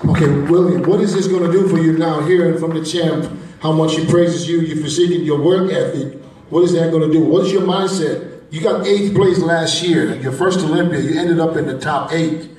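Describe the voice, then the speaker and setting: A man's voice: a little high, fairly even intonation, moderate pace, a little mellow. A man asking direct, probing questions at a press conference. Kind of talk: interview questions. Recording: echoey hall from far off.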